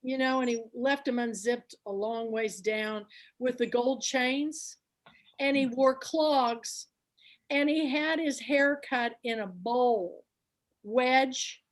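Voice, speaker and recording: A woman's voice: on the high side, slow, rough recording. An older woman hosting a book and film club, chatting and telling stories with frequent laughs. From Kansas area. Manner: chatty storyteller, laughing often. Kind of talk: casual chat.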